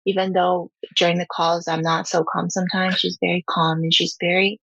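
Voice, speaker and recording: A woman's voice: fairly low pitch, little pitch movement, a little fast, creaky, fairly bright tone, no echo, rough recording. A woman who is a parent, talking candidly and earnestly about her home life in an interview, acting out what her children say. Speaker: parent guest.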